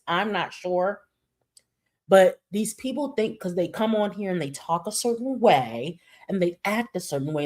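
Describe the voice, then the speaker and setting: A woman hosting a reaction vlog, blunt, profane and sassy, leaning on catchphrases. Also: on the low side. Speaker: reaction channel host.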